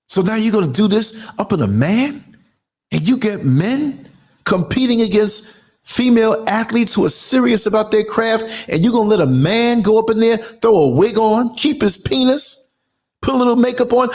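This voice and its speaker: An American podcast host and culture critic in his sixties delivers a fiery, indignant ranting monologue with strong emphasis on his own show. His voice is high-pitched with a darkish tone.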